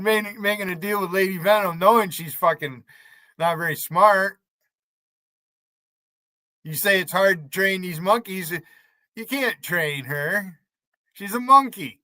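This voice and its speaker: Male streamer, combative and foul-mouthed, calls out chat viewers; slightly high, sharp-toned voice. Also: dry recording. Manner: profane, taunting, combative; addresses chat viewers by name. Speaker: livestream host. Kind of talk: ranting livestream commentary.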